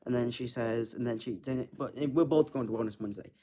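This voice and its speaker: A man's voice: medium pitch, quick pace, dark tone. A man rambling through a personal story in casual chat, full of filler words and frequent swearing. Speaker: vlogger.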